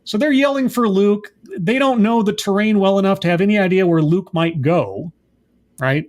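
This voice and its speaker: A man's voice: high-pitched, moderate pace, darkish tone. A man giving a sarcastic, exasperated episode recap as a show reviewer, rambling and mocking.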